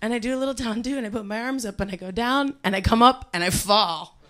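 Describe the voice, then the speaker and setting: Animated woman with a Cleveland accent. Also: on the high side, fast talker. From Ohio, USA. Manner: animated, comic, acts out quotes. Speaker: storyteller guest. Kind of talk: live storytelling on stage. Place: club stage before audience.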